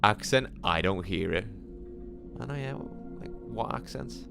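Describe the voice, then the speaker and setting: A man's voice: on the low side, expressive, measured pace, vocal fry, over music. A man from Liverpool with a Scouse accent, chatting casually on a live gaming stream, answering viewers and swearing now and then. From Liverpool, England. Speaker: gaming livestreamer.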